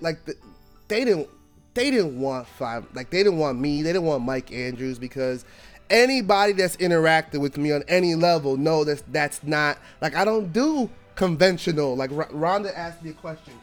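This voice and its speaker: A man in his forties hosting a podcast, telling a story in a casual, animated way, acting out what people said and laughing often. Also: on the high side, moderate pace, soft background music. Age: 40s. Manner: animated, acts out quoted dialogue, laughs often. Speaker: podcast host.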